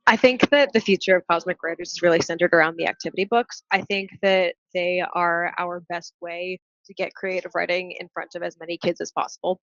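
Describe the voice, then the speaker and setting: A woman's voice: fairly low pitch, fairly even intonation, a little fast, hardly any pauses, no echo, dull audio. A young woman founding a nonprofit, answering interview questions in long, earnest, articulate sentences.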